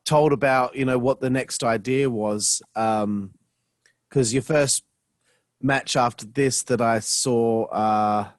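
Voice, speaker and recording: A man co-hosting a podcast, feeling his way into each question with plenty of ums and uhs. His voice sits at a middle pitch and sounds dry and close, with no room around it. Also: fairly even intonation, slow pace, dry recording. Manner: hesitant, filler-heavy questioning. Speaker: podcast co-host.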